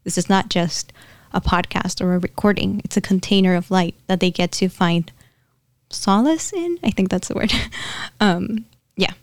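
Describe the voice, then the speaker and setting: A woman in a casual channeling session, chatty and prone to giggles, her speech loose and full of fillers. Her voice sits at an ordinary middle pitch. The recording is dry, with no room sound around her. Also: normal speed, dry recording. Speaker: spiritual medium.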